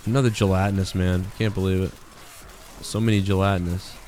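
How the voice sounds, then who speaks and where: A man's voice: low-pitched, level tone, fairly quick, a little mellow, a little hiss or hum. A man chatting casually on a gaming live stream, rambling and getting heated as he retells an argument.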